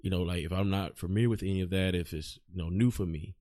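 Podcast host, male, very low voice, halting delivery full of restarts, dry close sound. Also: mellow, dry recording. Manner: halting, many restarts and fillers. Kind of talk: casual chat.

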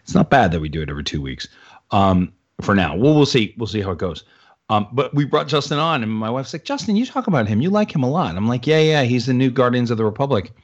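A man's voice: mid-range voice, expressive, fast talker, dull audio. A man co-hosting a casual podcast, rambling through stories and laughing often. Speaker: podcast co-host.

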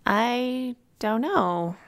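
A woman's voice: a little high, expressive, extremely slow, pitched above the performer's own voice, full character voice. A woman reading aloud, voicing a shy, earnest young man who speaks hesitantly.

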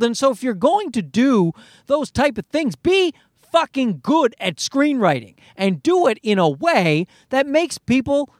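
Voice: medium pitch, no room sound, studio quality. A podcast host ranting casually, swearing often and restarting sentences. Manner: profane, ranting, many restarts.

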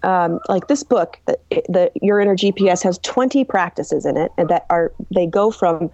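A woman coach talks in an interview with real energy, acting out the people in her stories. Her voice is mellow and dark. The sound is dry and muffled, like a lo-fi recording. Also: lowish voice, moderate pace, dry recording. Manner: animated, acts out quoted people. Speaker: author and coach. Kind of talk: interview answers, storytelling.

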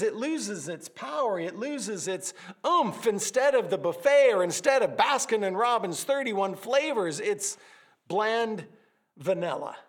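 A pastor preaching a sermon, animated and vivid, with vivid word pictures and humorous asides. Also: male voice, high voice.

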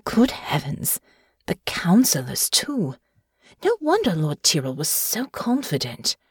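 A woman voicing Delphinia, a tall, grim, knowing young noblewoman, speaking low, slow and soft in an audiobook. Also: big pitch swings, breathy edge, no room sound, clean studio sound. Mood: scornful. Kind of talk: audiobook character voice.

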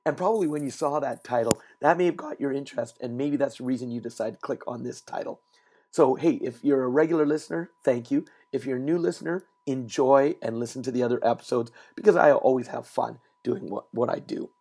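Man, podcast host, motivational talk, gravelly fry, mid pitch, emphatic repetition. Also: fairly quick. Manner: animated storyteller, repeats words for emphasis. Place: recorded while traveling.

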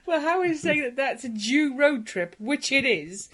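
A woman's voice: sits high, animated, unhurried, a bit bright. A woman from England co-hosting a podcast, teasing and blunt in casual comic chat. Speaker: podcast co-host.

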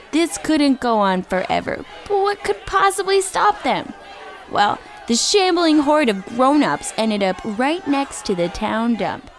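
A woman telling a children's story with dramatic sound effects and shouted chants. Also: high-pitched. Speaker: guest storyteller.

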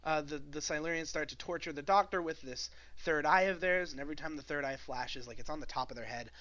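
A man's voice: on the high side, fast talker, sharp tone, dull audio. Rambling, laughing male podcast co-host. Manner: rambling, many fillers and laughs. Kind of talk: casual chat recapping a TV episode.

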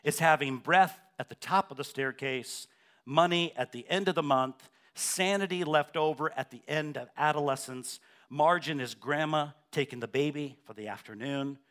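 A man preaching a sermon as pastor in a church, asking the congregation questions and building to loud, emphatic repetition. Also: fairly high pitch, moderate pace. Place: church sanctuary.

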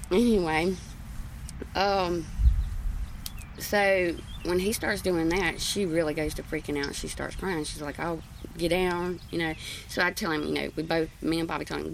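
Folksy woman with a gravelly voice. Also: sits low, a little hiss or hum. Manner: rambling, folksy, many fillers. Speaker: interviewee. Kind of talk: casual storytelling.

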